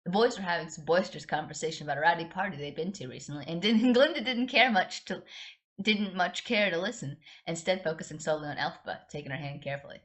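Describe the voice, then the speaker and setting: A woman's voice: on the low side, fast, a bit bright. A woman hosting a podcast, reading fan fiction aloud casually, with chatty asides and little giggles. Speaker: podcast host.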